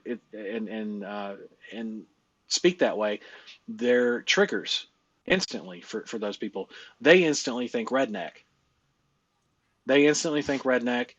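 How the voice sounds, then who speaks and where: A man's voice: mid-range voice, no room sound, lo-fi sound. A man coaching in a casual, blunt way. He swears a lot, laughs often and uses many fillers. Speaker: live-stream business coach.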